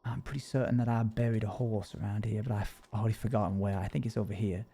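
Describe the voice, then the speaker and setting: A man's voice: lowish voice, steady tone, quick pace, creaky, mellow, slightly rough. Folksy man talking to himself in character. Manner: folksy drawl with rustic phrasing, chuckles often, talks to himself. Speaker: streamer playing a character in a survival game. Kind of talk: in-character role-play narration.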